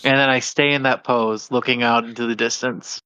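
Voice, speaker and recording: A man in a tabletop game, calmly narrating his silent character's actions in a slow, deadpan way. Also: medium pitch, smooth, dry recording, poor audio. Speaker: player. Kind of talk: tabletop role-play narration.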